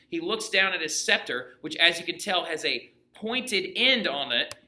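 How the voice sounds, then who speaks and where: A man lecturing on history to his class, animated and chatty, often checking in with his students. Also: a little high, moderate pace, few pauses, roomy sound. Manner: animated, chatty, many asides and rhetorical checks. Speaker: history teacher.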